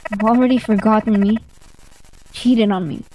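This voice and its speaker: A woman's voice: medium pitch, fairly even intonation, moderate pace, mellow, a little hiss or hum, lightly acted, low-quality recording. A woman voicing the cold, reproachful voice of a dead husband accusing his widow. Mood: bitter accusation.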